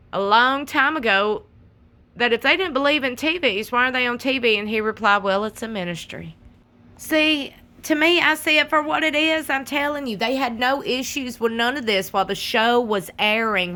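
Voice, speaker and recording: A young woman, talking to her viewers in a sassy, animated way. Her voice sits a little high and sounds bright and crisp. She delivers casual reaction commentary. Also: normal speed. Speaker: commentary channel host.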